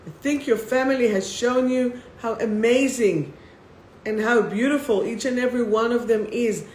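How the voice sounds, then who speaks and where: A woman hosting a live spiritual card reading, who calls viewers by name and reads each affirmation slowly, then repeats it. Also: on the high side, darkish tone, a little hiss or hum. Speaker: spiritual host. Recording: roomy echo.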